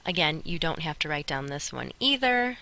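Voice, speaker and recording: A woman teaching a Spanish grammar lesson as a voice-over on her notes, explaining each step in a clear, patient way. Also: low voice, lively intonation, normal speed, pushed and bright.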